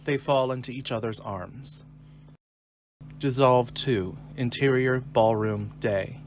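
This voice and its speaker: A man narrating the stage directions of a screenplay reading in a clear, measured way. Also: mid-range voice, slight background noise.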